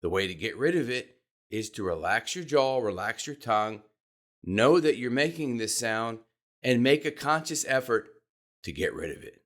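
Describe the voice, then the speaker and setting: A man giving podcast speaking tips to camera, expressive and demonstrating changes in pitch and pace as he explains. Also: normal speed. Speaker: podcast coach. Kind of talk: instructional talk to camera.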